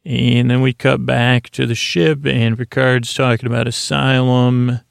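Man, podcast host, sleepy rambling recap, very gravelly voice, dry close sound. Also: medium pitch, little pitch movement, a little slow, dry recording. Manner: rambling, meandering retelling with many fillers.

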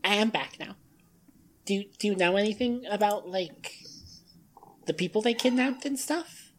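A woman's voice: medium pitch, lively intonation, measured pace. A woman playing a tabletop game, speaking in character with hesitant restarts and easy amusement. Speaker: player.

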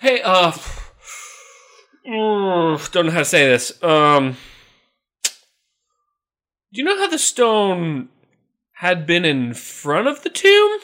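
A man's voice: high-pitched, sing-song, takes it slowly, long pauses, pushed and bright, pitched above the performer's own voice, heavily acted. A man voicing a nervous male subdemon who brings bad news, stammering and hesitant. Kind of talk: comedic skit in casual chat.

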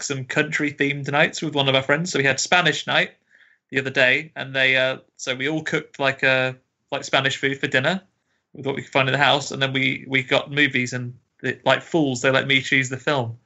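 A man's voice: medium pitch, level tone, normal speed, bright, forceful tone, muffled recording. A man co-hosting a podcast in casual chat, rambling and laughing easily. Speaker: podcast co-host.

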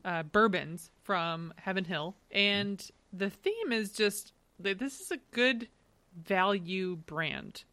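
A woman co-hosting a relaxed drinks podcast, chatting loosely with many fillers and laughs. Her voice is very bright, and the recording is dry and close. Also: mid-range voice, slow pace, no echo. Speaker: podcast co-host. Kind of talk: casual chat.

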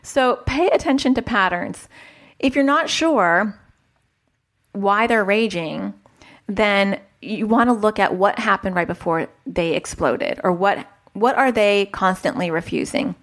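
A woman's voice: medium pitch, unhurried. Chatty woman therapist giving parenting advice. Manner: chatty, self-interrupting, acts out dialogue. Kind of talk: advice talk to camera.

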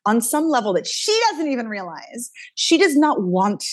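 A woman, a dialect coach talking energetically as a guest, thinking out loud with quick restarts. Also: on the high side, expressive, dry recording, clean studio sound. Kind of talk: casual interview chat.

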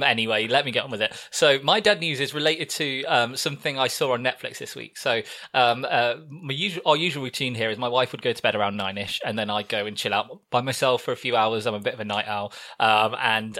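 A man's voice: mid-range voice, a little fast, few pauses, bright, forceful tone. A man, co-hosting a casual podcast, telling rambling, self-deprecating stories. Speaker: podcast co-host. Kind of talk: casual chat.

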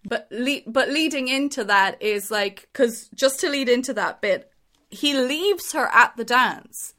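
A woman's voice: high-pitched, lively intonation, a little slow, sharp tone. Young woman chatting, goes on in long runs, lots of um and like. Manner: talks in long runs, many restarts and fillers. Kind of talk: casual chat.

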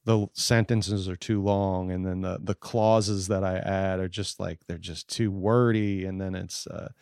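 A man's voice: sits low, level tone, unhurried, darkish tone, no echo, clean studio sound. A man talking casually as a podcast guest, rambling with many fillers and restarts. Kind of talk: casual chat.

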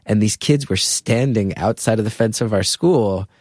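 A comedian telling personal stories in a casual conversation, animated and full of fillers. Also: male voice, on the low side, moderate pace, no room sound, clean studio sound. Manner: animated, filler-heavy storytelling with acted quotes. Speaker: comedian guest.

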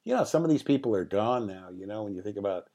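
A man's voice: lowish voice, quick pace. A middle-aged man, a film director guest, telling anecdotes in an interview, acting out quotes and laughing often. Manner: lively raconteur, acts out quotes, laughs often.

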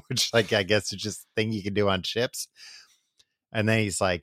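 A young adult man co-hosting a podcast, rambling through a book's plot and tossing off quick character voices. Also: fairly low pitch, fairly even intonation, a bit bright, dry recording, clean studio sound. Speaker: podcast co-host. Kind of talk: casual chat, recapping a book.

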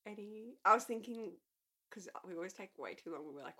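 A woman co-hosting a podcast in casual chat, her voice hoarse and nasal from a cold, chatty and quick to laugh. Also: mid-range voice, expressive, bright, forceful tone. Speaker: podcast co-host.

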